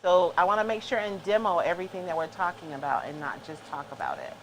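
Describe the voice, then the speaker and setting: A man's voice: high-pitched, lively intonation, fast, fairly bright tone, a little hiss or hum, rough recording. A man demonstrating crafts on a livestream, thinking aloud in a scattered, self-deprecating way. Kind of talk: casual craft demo chat.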